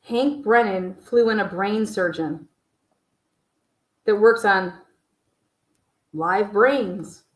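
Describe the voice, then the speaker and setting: A woman's voice: mid-range voice, drawn-out words, long pauses, roomy sound, low-quality recording. A woman giving blunt, angry, profanity-heavy commentary on a livestream, swearing constantly as she rants.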